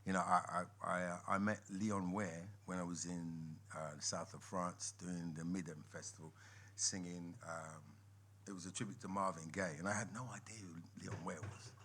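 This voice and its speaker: Animated man telling stories, bright voice. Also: low voice, moderate pace. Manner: animated storyteller, laughs often, lively swings in loudness. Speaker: guest musician and actor. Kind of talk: live podcast conversation. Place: members' club room with a live audience.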